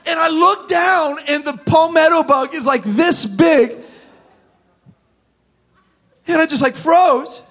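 A man pastor, telling funny stories in a sermon to his congregation, animated and self-mocking, breaking into shouts as he acts out scenes. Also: very high-pitched, a little slow. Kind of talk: humorous sermon storytelling. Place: church auditorium with live congregation.

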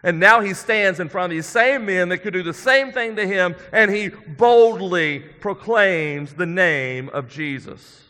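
Man, pastor, sermon, slightly high voice, bright tone, earnest and emphatic, long hall echo. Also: measured pace, hardly any pauses. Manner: earnest, conversational preaching with emphatic swells and quiet drops.

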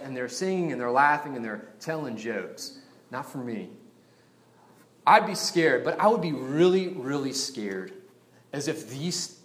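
Conversational preacher man in an echoey room. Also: mid-range voice. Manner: conversational, animated, asks rhetorical questions. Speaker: pastor. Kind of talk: sermon.

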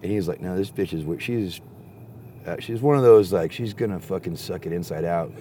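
A young man with a fairly low voice, spinning a rambling, swear-heavy story and slipping into the voices of the people in it. His talk is loose and animated. A faint bed of room noise sits underneath. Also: brisk. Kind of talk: casual profane storytelling.

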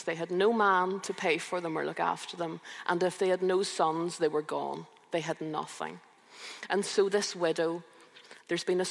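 Gravelly woman in her fifties preaching. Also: low voice, big-room sound. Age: 50s. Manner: reflective, slow and emphatic, with rhetorical questions. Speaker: preacher and youth counsellor. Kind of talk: sermon.

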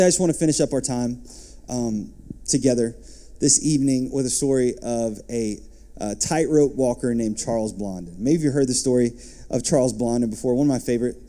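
A man's voice: medium pitch, dark tone. A man preaching a sermon, telling a story and building to an impassioned close.

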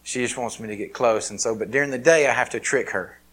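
A man preaching a conversational sermon with lots of fillers and restarts. He swings between loud emphatic peaks and quiet, hushed asides. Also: medium pitch, fast, poor audio. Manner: casual, filler-heavy delivery with many restarts. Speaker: pastor.

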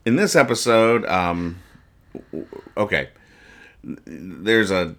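A podcast host with a low, animated, slightly bright voice takes his time reading comic strips aloud. He jokes around casually, wandering off on tangents and explaining each gag.

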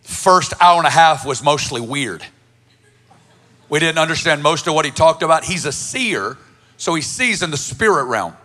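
A man's voice: fairly high pitch, expressive, moderate pace, pushed and bright. A man preaching a sermon through a personal story, speaking emphatically and building to passionate lists.

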